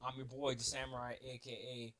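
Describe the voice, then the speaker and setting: A man telling a story casually in a vlog, animated and joking, laughing at his own asides. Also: medium pitch, fairly quick. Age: 20s. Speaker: vlogger.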